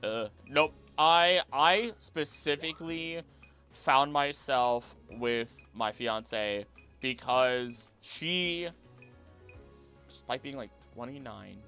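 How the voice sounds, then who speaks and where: A man's voice: medium pitch, sharp tone. A young man streaming a game and chatting casually with his chat, repeating himself and using many fillers.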